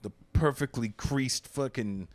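A man from Canada hosting a podcast, telling street stories in a casual, profane, animated way. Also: mid-range voice, a little slow. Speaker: podcast host. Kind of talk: casual storytelling chat.

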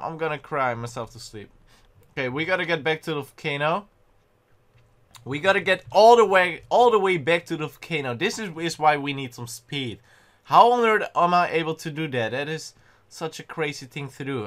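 A young man giving excitable, panicky gameplay commentary and often mocking his own mistakes. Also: fairly high pitch. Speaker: gaming channel host.

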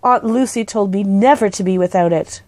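A woman's voice: medium pitch, normal speed, a little mellow, no echo, lightly acted. A woman voicing a small, polite young male bear who is meek and earnest, reading a storybook aloud. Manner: meek, crying out in alarm.

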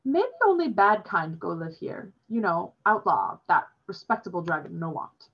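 A woman reading aloud voices an earnest young boy who struggles for words in broken English, halting but insistent. The voice is pitched a bit higher and is husky and breathy. The audio is dull and lo-fi. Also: sing-song, exaggerated voice. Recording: dull lo-fi recording.

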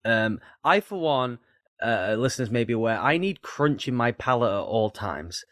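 A man's voice: mid-range voice, animated, normal speed, a bit bright, no echo. A man co-hosting a football podcast, with dry, wry and slightly formal banter. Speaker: podcast co-host.

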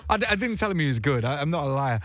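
Lively young man, chatty guest. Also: a little high, very fast. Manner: chatty, self-deprecating, many restarts and laughs. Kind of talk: casual radio interview chat. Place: radio studio.

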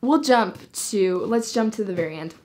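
A young woman talks through a novel for her vlog, excitable and gushing. She says "like" all the time, and her voice sits at a middling pitch. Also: moderate pace. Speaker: book reviewer. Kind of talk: casual vlog book review.

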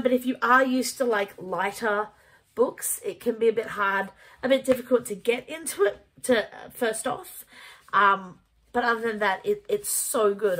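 A woman reviewing a book in a casual vlog, gushing and animated, with casual swearing. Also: on the high side. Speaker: book vlogger.

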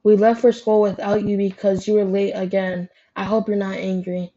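Little bunny girl read by a woman, soft reassuring, dull audio. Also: medium pitch, flat delivery, moderate pace, lightly acted. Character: young female rabbit, forgiving friend.

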